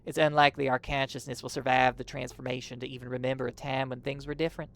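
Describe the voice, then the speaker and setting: A man voicing a cryptic, aloof woman scholar who speaks calmly and with condescension, his voice gravelly. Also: medium pitch. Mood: lecturing. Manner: calm, measured, condescending.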